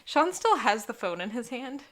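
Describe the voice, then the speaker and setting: A woman co-hosting a podcast, chatting casually and giggling as she recaps a TV episode. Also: fairly high pitch. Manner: giggly, animated, quick reactions. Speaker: podcast co-host.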